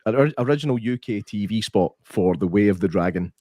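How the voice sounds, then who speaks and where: A man co-hosting a podcast, telling an animated story in casual chat and laughing easily. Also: lowish voice, a little fast, no room sound, clean studio sound. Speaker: podcast co-host.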